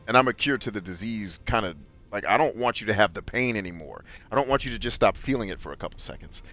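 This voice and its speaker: A man's voice: on the low side, fairly bright tone. Blunt, profane man in casual chat. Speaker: podcast host.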